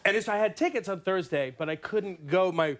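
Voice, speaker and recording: A man's voice: sits high, a little fast, heavy background noise. A man telling a story as a talk show guest, flustered and self-deprecating, stumbling over his words. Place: television studio.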